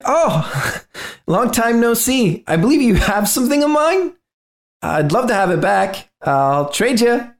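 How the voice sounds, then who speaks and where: A sly robed stranger, as a man puts him on, sweetly friendly with menace underneath. The voice sits well above the speaker's normal pitch and swoops in lively arcs. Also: unhurried, exaggerated voice. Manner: smooth, veiled threats.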